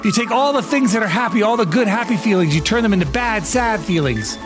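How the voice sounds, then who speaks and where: A man in his thirties talks through a live game stream with exasperated, playfully dramatic energy. His fairly high voice swoops widely as he rants. Loud music plays behind him the whole time. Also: expressive, brisk. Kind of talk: live gaming stream chat. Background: loud music playing.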